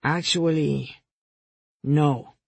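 A reader putting on a jumpy male henchman, a little higher and louder than the narration, gravelly and husky underneath. He rushes to please, pleading and hurried. Dry close sound. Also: steady tone, dry recording, exaggerated voice. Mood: defensive. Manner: hurried, pleading and over-eager. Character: nervous eager male henchman, anxious to please. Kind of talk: audiobook character reading.

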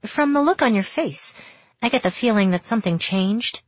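A woman's voice: a little high, lively intonation, moderate pace, no room sound, pitched above the performer's own voice. A woman voicing a curious, concerned young woman friend. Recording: dry, dull lo-fi sound.

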